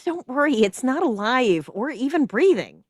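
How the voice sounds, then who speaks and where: A young woman friend, nonchalant and a bit whiny, brushing off questions about her bag, as a woman puts her on while reading aloud. Her delivery is lively and dry, in a story read on a live stream. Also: high voice, normal speed, no room sound, voice pushed up. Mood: sly.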